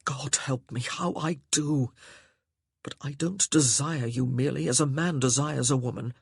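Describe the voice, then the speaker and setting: A man voicing a brooding, volatile nobleman who speaks low and strained, breaking into forceful outbursts. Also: normal speed, creaky, slightly rough, no room sound, studio quality. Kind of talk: audiobook character voice.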